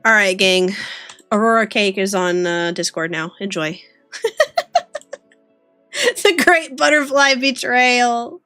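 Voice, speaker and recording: A woman's voice: mid-range voice, takes it slowly, pauses often, sharp tone, smooth, dry recording, soft background music. A woman streamer chatting casually with her viewers while drawing, giggly and teasing. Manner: giggly, playful, teasing banter.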